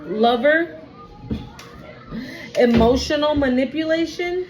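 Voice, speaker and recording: A woman with a fairly high voice talks her viewers through a tarot spread at an unhurried pace. She is blunt and emphatic, swears freely, and repeats each warning to drive it home. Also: rough recording. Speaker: tarot reader. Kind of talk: casual tarot reading to viewers.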